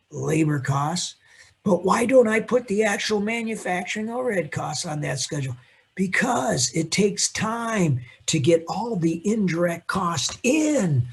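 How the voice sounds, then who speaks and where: A man lecturing a class on accounting, animated and teasing, calling on students by name. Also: on the high side, slightly rough. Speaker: accounting instructor.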